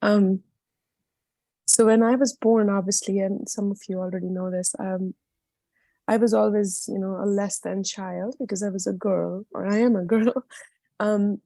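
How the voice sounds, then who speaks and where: A woman's voice: mid-range voice, steady tone, moderate pace, gravelly, warm tone, no echo. A woman sharing an emotional personal story at an online book reading, heartfelt and candid. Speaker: book club participant.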